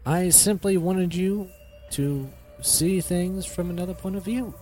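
Man playing smug hypnotist doctor, high voice, slow and soothing. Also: very animated, soft background music.

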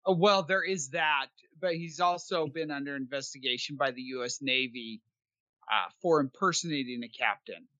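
A man co-hosting a podcast with deadpan, hesitant asides. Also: mid-range voice, normal speed, no echo, lo-fi sound. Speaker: podcast co-host. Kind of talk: casual podcast banter.

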